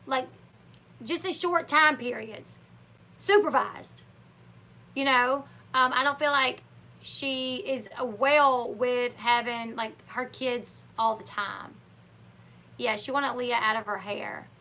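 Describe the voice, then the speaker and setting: A woman with a fairly high voice speaks slowly while hosting a casual live chat stream. She's chatty and opinionated, acting out what other people said in animated voices.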